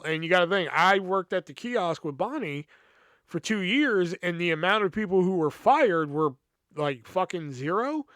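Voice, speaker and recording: A man's voice: high voice, fairly bright tone, clean tone, dry recording. Profane, rambling male storyteller. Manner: rambling, profane, with filler words and restarts. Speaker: podcast host. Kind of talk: casual storytelling monologue.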